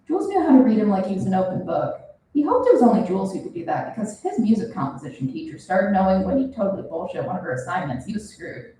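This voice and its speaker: A young woman reading her own fiction aloud at a reading event, expressive and animated. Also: mid-range voice, fast talker, slight background noise. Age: young adult. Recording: roomy, from a distance.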